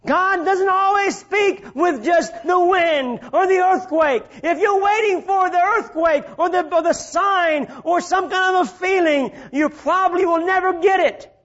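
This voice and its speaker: A man preaching at a very high pitch for a male voice, drawing his words out slowly. He swings between shouted appeals and hushed, low passages. The recording sounds dull and lo-fi. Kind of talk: sermon.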